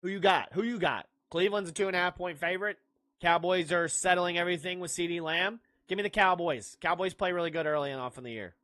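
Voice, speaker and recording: A brash man hosts a live sports podcast in a high-pitched, fast, sharp voice, answering his chat with dismissive outbursts. Between team picks he rants in a loose, jokey way and laughs at his own lines.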